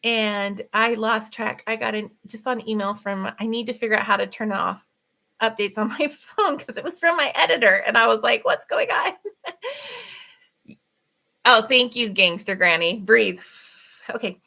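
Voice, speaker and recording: This is an author and podcast host, a middle-aged woman whose voice runs high. Her spiritual chat is casual, fast-paced, animated, and punctuated by frequent laughter.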